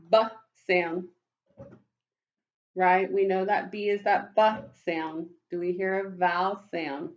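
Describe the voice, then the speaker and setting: A woman teaching a phonics lesson to young children, speaking slowly and warmly, praising them often and sounding out words. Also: medium pitch, lo-fi sound. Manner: slow, encouraging, praising often. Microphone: webcam.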